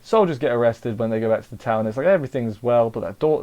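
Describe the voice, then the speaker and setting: A man's voice: medium pitch, animated, fairly quick, few pauses, warm tone, lo-fi sound. An English man giving a casual, rambling anime episode review, chatty and full of restarts. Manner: rambling, chatty, self-interrupting.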